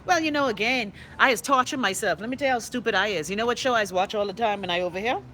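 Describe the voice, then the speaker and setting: A middle-aged Bahamian woman rants bluntly and with plenty of profanity, reading viewer comments on a casual live stream. Her voice is bright and forceful. Faint traffic noise from outdoors sits behind her. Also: a little high, rapid-fire.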